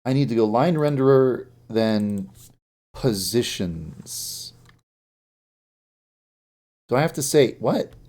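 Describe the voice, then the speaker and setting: A man's voice: mid-range voice, animated, slow, long pauses, a little mellow. A sleepy man streaming as a game developer, muttering to himself while he works and throwing in jokey asides. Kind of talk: live-stream coding commentary.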